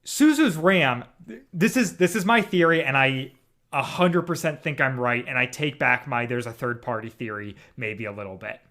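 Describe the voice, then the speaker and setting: A man co-hosting a casual podcast chat, animated and theorizing, talking fast in bursts. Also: mid-range voice. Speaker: podcast co-host.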